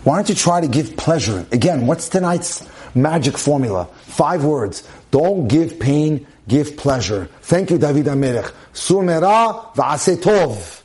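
A man's voice: on the high side, lively intonation, a little slow, a little mellow. Emphatic man giving a Torah class. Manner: emphatic, repeats phrases for stress, drops in Hebrew terms. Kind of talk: relationship lecture.

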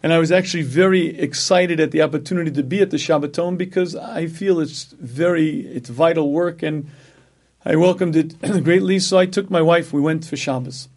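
A man delivers a religious sermon in a slightly raised register. He keeps clearing his throat between phrases. He drives points home by repeating key words. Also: a little high, moderate pace, a little mellow. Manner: frequent throat clearing, emphatic repetition. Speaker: rabbi giving a talk.

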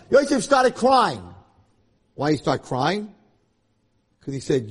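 Male rabbi, husky voice, very lively pitch, dramatic shifts from quiet to loud. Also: moderate pace. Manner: animated, swings between hushed and loud passionate emphasis. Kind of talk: Torah lecture.

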